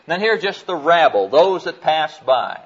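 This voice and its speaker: Animated preacher man, lo-fi recording. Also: fairly high pitch, moderate pace, husky. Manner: animated storytelling with scripture reading. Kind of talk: sermon. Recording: dull lo-fi recording.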